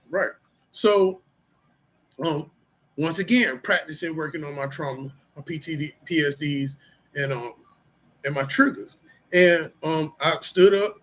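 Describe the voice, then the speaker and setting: A middle-aged man with a husky, slightly raspy voice pitched a bit high for a man. He talks casually and openly to his viewers, rambling with plenty of fillers and street slang. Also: a bit bright, poor audio. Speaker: vlogger sharing personal recovery. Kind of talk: casual personal talk to camera.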